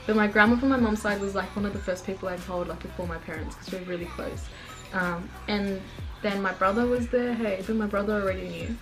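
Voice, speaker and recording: A young woman vlogger tells a personal story in a relaxed sit-down chat, rambling and saying "like" constantly. Her medium-pitched voice moves a little fast over music, and the audio is poor.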